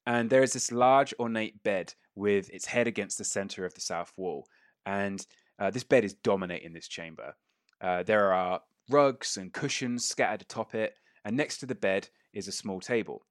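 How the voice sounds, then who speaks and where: A man's voice: fairly low pitch, normal speed, no room sound, studio quality. A man narrating a tabletop game as game master, casual and sweary, laughing often.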